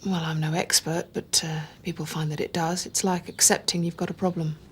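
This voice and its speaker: An actress playing a woman police officer who questions firmly but gently. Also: lowish voice, little pitch movement, brisk, lightly acted. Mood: gentle. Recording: old TV drama audio with faint noise.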